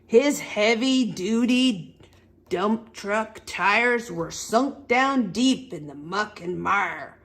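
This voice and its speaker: A woman reading a picture book aloud to young children at storytime, animated, asking them questions and making the animal sounds. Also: medium pitch, extremely slow. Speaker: storytime reader.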